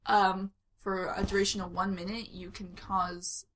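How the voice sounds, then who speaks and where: Her voice is mid-range and a bit bright, with little pitch movement and a slightly slow pace, over a faint hiss or hum. A woman on a tabletop game podcast is introducing her character, giggling often as she rambles and explains at length in a casual way.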